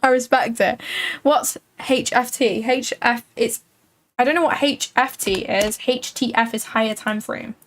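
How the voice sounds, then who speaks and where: A woman's voice: fairly high pitch, steady tone, a little slow. A woman hosting a live trading stream, chatting casually and thinking aloud with frequent filler words. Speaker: livestream trading host.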